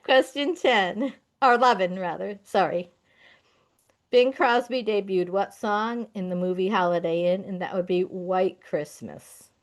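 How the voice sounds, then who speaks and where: Slow-paced woman reading quiz answers. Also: mid-range voice. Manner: slow, deliberate, announces each question number. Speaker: trivia quiz host.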